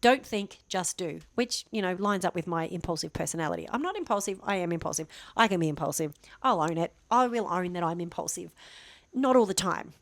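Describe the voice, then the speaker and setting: A woman's voice: lowish voice, animated, fast, no room sound. A middle-aged woman and former teacher, talking about herself to camera at home in a chatty, rambling, self-deprecating way. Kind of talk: casual talking-head vlog. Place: home near a main road. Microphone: microphone on a stand facing her, camera turned away.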